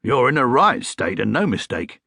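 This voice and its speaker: A man's voice: medium pitch, sing-song, normal speed, creaky, pushed and bright, breathy edge, no room sound, studio quality, heavily acted. A man doing a chatty cabbie. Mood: sympathetic. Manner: chatty, sympathetic. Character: friendly middle-aged male London cabbie.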